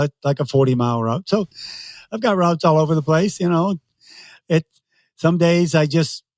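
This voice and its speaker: A man's voice: medium pitch, no room sound. A man in his sixties, a guest in an interview, telling stories animatedly and laughing often. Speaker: guest, race announcer. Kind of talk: casual interview storytelling.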